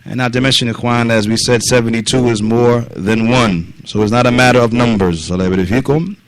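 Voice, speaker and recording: A man teaching a mosque lesson, mixing Arabic phrases into his English, pausing on fillers like yani, and directly questioning the people listening. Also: medium pitch, a little hiss or hum. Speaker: religious teacher.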